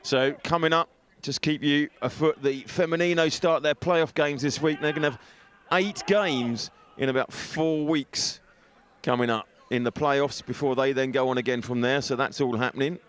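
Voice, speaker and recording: Man, live football commentary, jokey and self-mocking, middle-pitched voice, headset mic at an outdoor ground. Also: fairly even intonation, normal speed, a bit bright, smooth. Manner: jokey, chatty, laughs often, self-mocking. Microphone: headset with earpiece.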